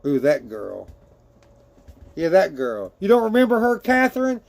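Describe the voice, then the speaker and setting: A man's voice: on the high side, wildly swooping pitch, measured pace, creaky, over music. A man casually chatting with his livestream viewers and reading their messages aloud, laughing often and swearing freely.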